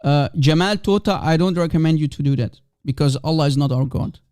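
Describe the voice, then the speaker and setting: Man, native Aramaic speaker, live stream host, emphatic and repetitive, raised pitch, dry close sound. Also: fairly quick, darkish tone, clean tone, no room sound. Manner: emphatic, repeats rhetorical questions. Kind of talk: live call-in stream monologue.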